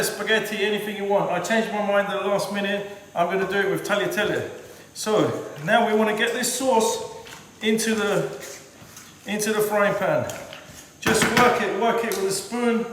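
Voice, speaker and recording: Home cook, male, high voice, chatty and repetitive, filmed from a distance in a kitchen with a long echo and clear background noise. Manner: chatty, repeats himself. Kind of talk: casual cooking demonstration. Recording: echoey kitchen from far off.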